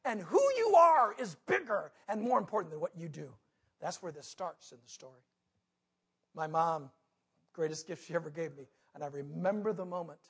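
A man preaching a sermon, telling a personal story with big swings between loud outbursts and hushed moments. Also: fairly high pitch, lively intonation, normal speed, breathy edge. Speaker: pastor.

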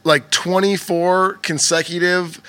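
A man in casual chat, telling a story excitably and laughing often. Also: sits high, slow pace.

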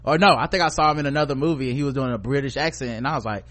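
A man's voice: mid-range voice, very fast, a bit bright. A man co-hosting a podcast in casual chat, giving blunt, profane, opinionated commentary. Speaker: podcast co-host.

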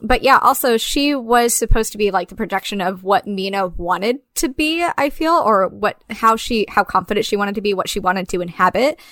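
A woman talking casually about a film, animated and laughing, swearing freely. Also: mid-range voice, normal speed, few pauses, dry recording.

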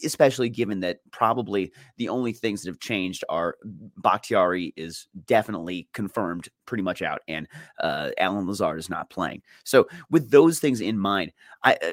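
A man's voice: low-pitched, expressive, moderate pace, no echo, studio quality. A man co-hosting a sports betting show, giving his picks in a chatty, self-deprecating way. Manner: chatty, self-deprecating, repeats words while thinking. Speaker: sports betting podcast co-host. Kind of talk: casual betting picks chat.

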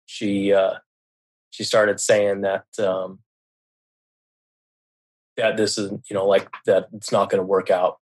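A man's voice: deep voice, flat delivery, takes it slowly, long pauses. A middle-aged man from the United States, a podcast guest, candidly recounting a painful family story, often repeating himself and swearing. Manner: candid, recounting dialogue, swears freely, many restarts. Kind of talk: personal storytelling.

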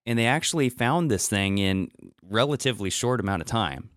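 Low, smooth-voiced rambling man. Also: expressive, a little fast, fairly bright tone, dry recording, clean studio sound. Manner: rambling storyteller, many fillers and restarts. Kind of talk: casual podcast chat.

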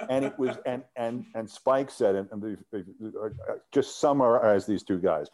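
A middle-aged man, a former sports TV host, telling animated anecdotes in an interview and often restarting his sentences. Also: fairly low pitch, normal speed. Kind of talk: storytelling interview.

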